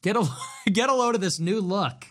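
A man's voice: sits high, moderate pace, fairly bright tone. A man hosting a livestream, reacting to viewer messages in casual commentary. He talks in a sarcastic, rambling way and laughs often. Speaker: livestream host.

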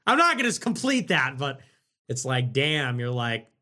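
A man hosting a livestream, talking casually and sarcastically in a rambling way that swings between loud and muttered. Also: medium pitch, sing-song, a little slow. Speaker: livestream host. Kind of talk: casual livestream talk reading viewer messages.

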